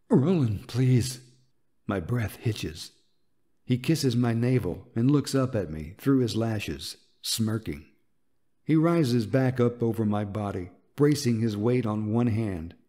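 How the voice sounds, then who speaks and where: A man narrating a romance audiobook in a soft, unhurried and intimate reading. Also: lowish voice.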